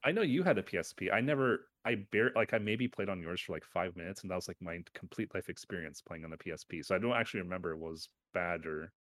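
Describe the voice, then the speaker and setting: A man co-hosting a casual chat about video games, rambling and correcting himself, with sudden animated bursts. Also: low voice, fast, few pauses, dry recording. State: has hiccups.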